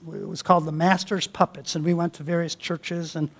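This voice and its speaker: Male pastor, high-pitched, earnest exhorting sermon delivery to a congregation. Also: level tone, brisk, a bit bright. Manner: earnest, exhorting, with rhetorical questions.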